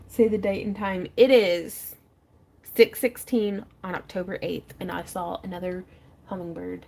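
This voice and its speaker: A woman's voice: lowish voice, fairly even intonation, measured pace, gravelly, darkish tone. A woman hosting a craft livestream from her front porch, chatting casually as she works, reading viewer comments aloud and laughing often into a close mic. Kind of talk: casual chat while crafting.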